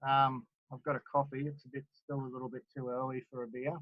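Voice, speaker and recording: A man's voice: medium pitch, flat delivery, fast talker, no room sound. Queensland Australian man in his forties, easygoing host, dull dry sound from a backyard. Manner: chatty, laughing, filler-heavy. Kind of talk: casual interview chat. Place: backyard, outdoors.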